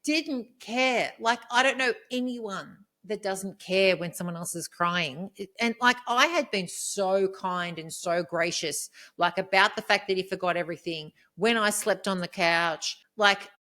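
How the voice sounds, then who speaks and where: A woman, co-hosting a podcast, telling a painful personal story in a rambling way, swearing and rising into high outbursts. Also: unhurried, hardly any pauses, pushed and bright. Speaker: podcast co-host.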